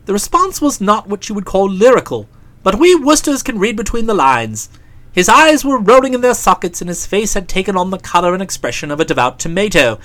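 A woman's voice: mid-range voice, big pitch swings, fairly quick, fairly bright tone. A woman narrating a comic novel aloud in a dry, wry storytelling manner. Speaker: audiobook narrator.

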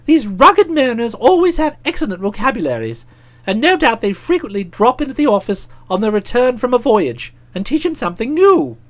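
Lively, high-voiced woman narrating a comic story. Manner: brisk, expressive storytelling. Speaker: audiobook narrator.

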